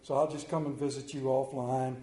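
A man preaching a sermon, folksy and storytelling, swinging from loud excitement to hushed tones. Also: mid-range voice, brisk, roomy sound, rough recording. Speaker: pastor.

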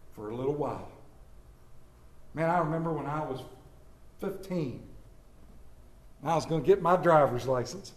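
Folksy preacher, high voice. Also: male voice, darkish tone, roomy sound. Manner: folksy storytelling, dramatic readings. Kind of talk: folksy sermon.

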